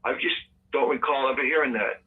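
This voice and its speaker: Man, emphatic co-host, phone-line sound, middle pitch. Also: fairly quick. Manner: emphatic, argumentative. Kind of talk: casual call-in radio talk.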